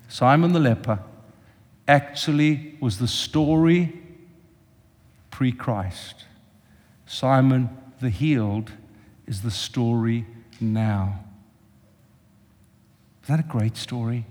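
A man's voice: mid-range voice, slow, pauses often, a little mellow. An older man preaching a sermon with passion, speaking directly to his congregation. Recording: long reverb of a large hall.

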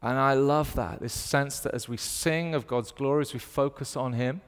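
A man in his thirties with a Northern English accent, preaching a lively sermon and telling stories with playful put-on voices. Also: mid-range voice, moderate pace, smooth, long reverb tail. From north of England.

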